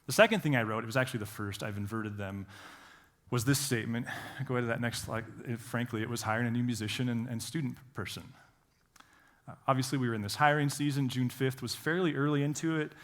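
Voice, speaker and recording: A man's voice: mid-range voice, fast. Conversational male pastor preaching. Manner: conversational, restarts and rhetorical questions, animated quotes. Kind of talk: sermon. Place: church hall.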